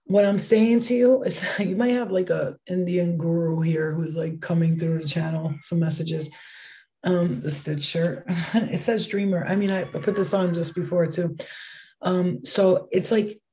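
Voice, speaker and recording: A woman's voice: on the low side, fairly even intonation, measured pace, mellow. A woman giving a casual livestream tarot reading, chatty and rambling, swearing casually as she goes. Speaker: tarot card reader.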